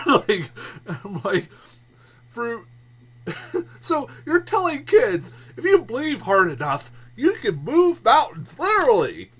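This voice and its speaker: A man giving a casual, rambling movie review vlog, swearing freely, laughing often and getting loud and worked up. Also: very high-pitched, huge pitch swings, slow, husky.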